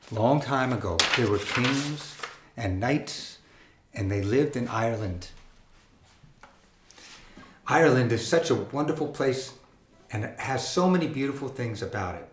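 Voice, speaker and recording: Slow, gentle man talking to kids. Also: medium pitch, roomy sound. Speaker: children's music show host. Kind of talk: children's show talk.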